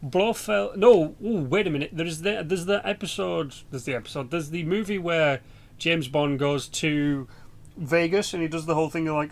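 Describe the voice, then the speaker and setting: A young British man rambling through casual, sweary game commentary as a channel host. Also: a little high. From Britain.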